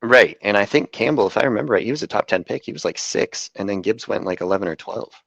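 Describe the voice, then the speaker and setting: A man's voice: fairly low pitch, animated, quick pace, creaky, a bit bright, dry recording. A man co-hosting a football podcast, easygoing and chuckling often, hedging with "like" and "I think". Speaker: podcast co-host. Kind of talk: casual chat.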